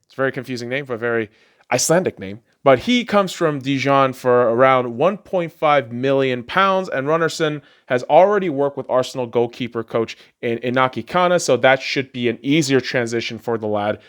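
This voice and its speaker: A man hosting a podcast, ranting casually and profanely about sports and laughing often as he swings between low mutters and high, excited outbursts. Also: fairly quick, clear, resonant tone. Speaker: podcast host.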